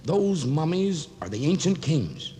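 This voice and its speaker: A proper old doctor, very lively. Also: male voice, fairly high pitch, unhurried. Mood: excited, wondering. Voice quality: proper, exclaims "By Jove". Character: scholarly older male doctor, a fond father. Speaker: expedition doctor. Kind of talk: 1940s radio acting. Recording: old radio broadcast with hall reverb and faint hiss.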